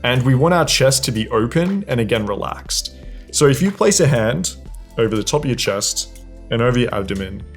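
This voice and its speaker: Young male voice coach, easygoing and demonstrative, mid-range pitch, soft music underneath. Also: lively intonation, normal speed. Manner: casual, demonstrates exercises with hums and sighs. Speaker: dating and voice coach. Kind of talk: instructional talk to camera.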